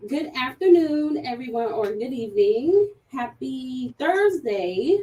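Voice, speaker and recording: A woman's voice: high voice, sing-song, takes it slowly, dark tone, far from the mic, lo-fi sound. A woman hosting a casual livestream chat who laughs often and talks with many fillers. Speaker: livestream host.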